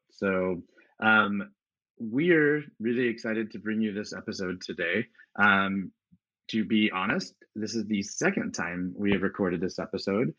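A low, husky-voiced man rambles casually as a podcast co-host, leaning on fillers as he goes. The audio is dull and muffled. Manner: loose, rambling, lots of fillers.

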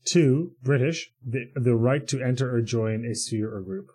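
A man's voice: medium pitch, normal speed, darkish tone, husky. A man co-hosting a podcast in casual chat, bantering and joking, with frequent stumbling restarts. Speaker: podcast co-host.

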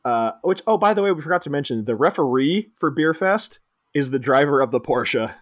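Animated man recapping a movie. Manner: retells scenes with quick squeaky character impressions, laughs often. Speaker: podcast co-host. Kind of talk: casual movie recap chat.

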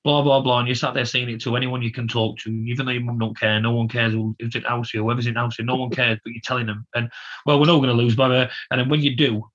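A man ranting passionately about football as a podcast co-host. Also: medium pitch. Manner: fast, animated, ranting. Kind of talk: passionate football fan chat. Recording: dull lo-fi podcast audio.

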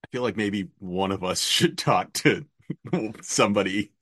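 Deep-voiced man, dry hesitant speech. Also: a little slow, fairly bright tone, no room sound. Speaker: player. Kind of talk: in-character tabletop play.

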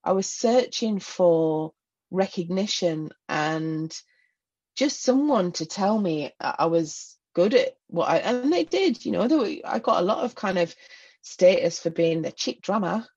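A woman's voice: lowish voice, animated, unhurried, darkish tone, slightly rough, muffled recording. A woman from Northeast England with a Northeast English accent, talking frankly and self-deprecatingly as a guest in an interview. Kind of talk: candid personal interview.

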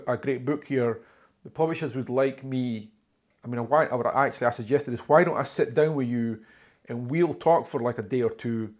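In this interview, an author and journalist tells a long, rambling story, often backing up to start over. His voice is mid-range and a little mellow, suited to conversational storytelling.

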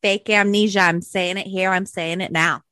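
A woman co-hosting a podcast, excitable and emphatic in casual chat, swearing freely. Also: mid-range voice, normal speed, no echo. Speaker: podcast co-host.

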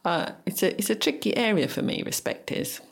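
A woman's voice: mid-range voice, animated, fairly quick, vocal fry, slightly rough. A young adult woman in casual conversation, frank and opinionated, laughing often as she tells stories. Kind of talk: casual chat.

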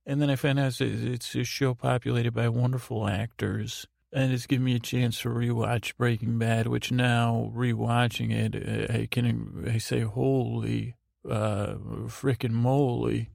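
Man, gravelly voice, dry close sound, drowsy rambling host, trails off and restarts. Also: mid-range voice, flat delivery, normal speed, hardly any pauses, a little mellow, dry recording. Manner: detached, tired, meandering with many restarts. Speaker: podcast host. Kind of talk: rambling sleep podcast monologue.

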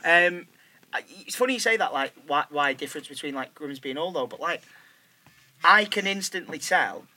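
A man with a South Manchester accent rambles through a casual podcast chat, swearing and stacking fillers. His voice sits a little high and sounds bright. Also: lively intonation, normal speed. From Manchester, England. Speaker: podcast co-host.

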